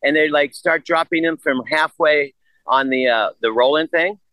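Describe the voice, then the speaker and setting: A man in his sixties telling a story in casual chat, animated and profane, acting out what others said. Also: fairly high pitch, moderate pace, no room sound, poor audio. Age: 60s. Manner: animated, profane, acts out quotes.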